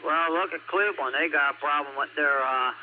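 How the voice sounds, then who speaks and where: A man's voice: a little high, a little fast. A man checking in on a ham radio net, rambling and folksy. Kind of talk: casual radio chat. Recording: tinny radio channel, faint hiss.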